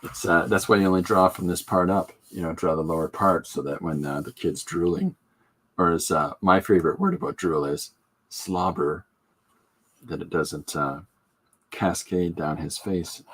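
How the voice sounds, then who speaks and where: Husky and deep, yet fairly bright in tone, his voice moves at a moderate pace. He's hosting a casual live drawing demonstration, loosely chatting, joking, and rambling with many fillers while inking and coloring a comic.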